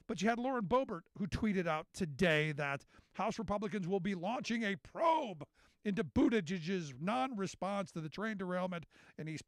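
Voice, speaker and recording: High-voiced, sarcastic talk radio host. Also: male voice, creaky, no room sound. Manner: sarcastic, animated, indignant. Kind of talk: political commentary monologue.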